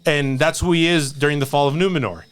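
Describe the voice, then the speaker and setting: A man hosting a podcast in casual chat, rambling, laughing often and slipping into quick character asides. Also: on the high side, fairly even intonation, smooth. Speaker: podcast host.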